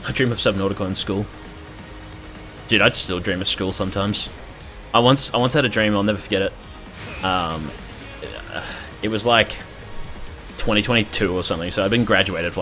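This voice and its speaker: A man's voice: lowish voice, sharp tone. A young Australian man in his twenties chatting casually and rambling while streaming a game, joking and swearing often. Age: 20s. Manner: rambling, profane, jokey.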